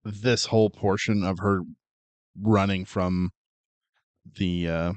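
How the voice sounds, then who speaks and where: A man's voice: deep voice, steady tone, slow, dry recording. A man co-hosting a podcast, chatting casually about a movie in an easygoing way and mostly giving short, agreeing replies. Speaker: podcast co-host. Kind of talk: casual movie review chat.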